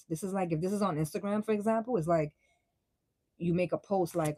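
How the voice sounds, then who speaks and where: Young woman, tarot reader on a live stream; mellow, slangy, swears freely, dry close sound. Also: deep voice, fairly quick, no echo, poor audio. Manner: blunt, profane, slangy and laughing. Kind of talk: casual live tarot reading.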